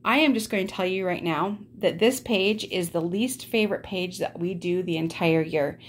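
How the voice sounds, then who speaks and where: A woman's voice: lowish voice, normal speed. Friendly chatty woman teacher. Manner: friendly and chatty, addresses kids as guys. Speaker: fourth grade teacher. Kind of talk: remote reading lesson to students.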